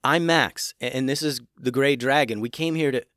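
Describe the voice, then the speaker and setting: A man voicing a brave young boy adventurer who calls out loudly and eagerly. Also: mid-range voice, moderate pace, no echo, studio quality, lightly acted. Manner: loud, calling out eagerly.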